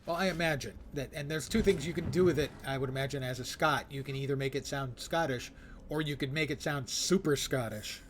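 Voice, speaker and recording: A man's voice: medium pitch, a little fast, slight background noise. An American man streaming a game, chatting casually with rambling asides and frequent self-corrections. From United States. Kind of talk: casual gameplay chat.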